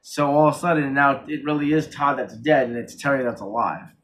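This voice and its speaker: A man reviewing a horror film in casual chat, retelling the plot excitedly with many restarts and corrections. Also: medium pitch, a little fast.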